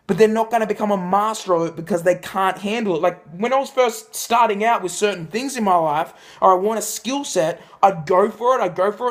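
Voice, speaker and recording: High-voiced emphatic male coach. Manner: emphatic, shifts pitch for effect. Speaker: life coach. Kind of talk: motivational talk to camera.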